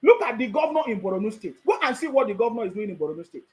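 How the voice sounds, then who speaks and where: A man's voice: high-pitched, very animated, very fast. A man with a Nigerian accent giving political commentary in a vlog, mocking his opponents with rhetorical questions and frequent laughter.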